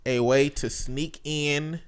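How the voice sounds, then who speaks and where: A man's voice: a little high, steady tone, slow pace, clear, resonant tone. Emphatic, joking man on a podcast. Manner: joking, emphatic, laughs a lot. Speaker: podcast co-host. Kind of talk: casual podcast banter.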